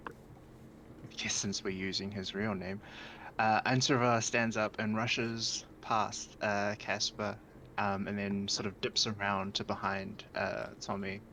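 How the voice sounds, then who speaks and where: A man playing a tabletop role-playing game, describing his character's actions gravely with many hesitant fillers. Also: on the low side, little pitch movement, measured pace, pushed and bright, slight background noise, low-quality recording. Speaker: player.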